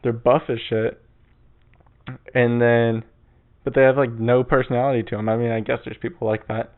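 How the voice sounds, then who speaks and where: A man's voice: mid-range voice, little pitch movement, moderate pace, clean tone. A man hosting his own podcast in casual chat, rambling and swearing with lots of fillers. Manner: rambling, profane, full of fillers. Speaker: podcast host. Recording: tinny phone-like sound.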